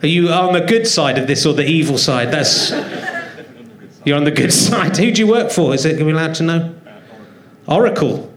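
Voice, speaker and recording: A man hosting a comedy podcast on a theatre stage, bantering and teasing the audience with self-mocking riffs. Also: on the high side. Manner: teasing, self-mocking, quick to riff on the crowd. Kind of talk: live stand-up banter with the audience. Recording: roomy theatre sound with a laughing crowd. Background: audience laughter.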